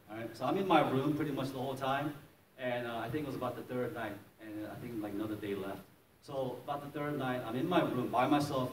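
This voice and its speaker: Man preaching a lively testimony, roomy hall. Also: mid-range voice. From Maryland, USA. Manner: lively storytelling, acts out scenes, laughs often. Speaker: pastor. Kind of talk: testimony sermon. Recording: roomy echo, distant mic, faint noise.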